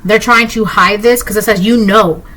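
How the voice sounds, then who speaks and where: A woman's voice: mid-range voice, fairly even intonation, moderate pace, fairly bright tone, low-quality recording. A woman giving a collective tarot reading, blunt and emphatic, repeating herself and talking straight to the viewer. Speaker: tarot reader.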